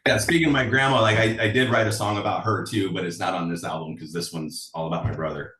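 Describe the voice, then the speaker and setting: A man's voice: deep voice, steady tone, fast, a bit bright, roomy sound, far from the mic, low-quality recording. A man telling stories from his life in a casual interview, chatty and full of fillers, laughing often. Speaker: songwriter guest.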